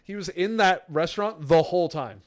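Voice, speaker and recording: A man's voice: high-pitched, brisk, a crowd in the background. A man co-hosting a podcast in casual chat, telling stories with frequent laughs and acting out quotes. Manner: laughing storyteller, acts out quotes. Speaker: podcast co-host.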